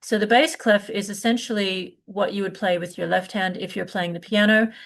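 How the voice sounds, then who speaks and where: A woman's voice: medium pitch, steady tone, normal speed. A middle-aged woman teaching a live online music lesson, explaining patiently with many fillers and restarts.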